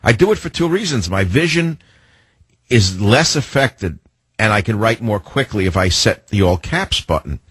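A man hosting a late-night call-in radio show, talking in a rambling, emphatic monologue with a husky voice. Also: on the low side, expressive, normal speed, fairly bright tone, no echo. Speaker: radio talk show host. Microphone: studio microphone.

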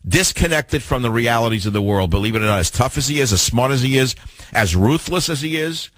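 A man's voice: medium pitch, lively intonation, fairly quick, fairly bright tone, dry recording. An older man hosting a talk radio show, delivering an opinionated, combative monologue with rhetorical questions. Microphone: studio mic.

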